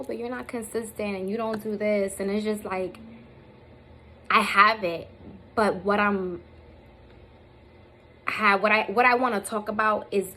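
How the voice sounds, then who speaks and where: A woman's voice: mid-range voice, a bit bright, poor audio. A woman in her thirties vlogging to camera in a candid, rambling way, with a lot of fillers, at times close to tears. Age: 30s. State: emotional, near tears at times. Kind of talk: casual heartfelt talk to camera. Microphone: phone or camera on self.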